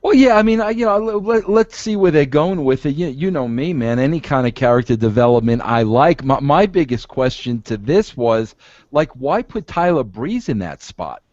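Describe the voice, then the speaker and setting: A man's voice: mid-range voice, animated, moderate pace, a little mellow, dry recording, muffled recording. A man joining a podcast as a guest, talking casually and stammering through restarts.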